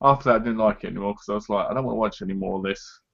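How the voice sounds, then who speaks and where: In dull lo-fi stream audio, a male live stream host runs a casual chat, talking chattily and acting out other people's lines as he goes. He speaks rapid-fire in a lowish, somewhat bright voice with vocal fry.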